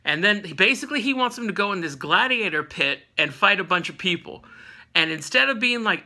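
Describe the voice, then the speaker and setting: Bright, high-voiced man recapping comics. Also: normal speed. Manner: animated, jokey, slangy, acts out characters' lines. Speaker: comic book recap host. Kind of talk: casual comic recap storytelling.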